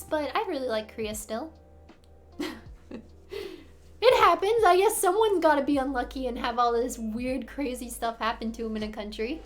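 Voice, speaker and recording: A bubbly American woman with a high voice chats casually on a live stream, giggling as she answers viewers' questions. Soft music plays faintly behind her. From United States. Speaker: livestream host answering chat. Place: apartment in Korea.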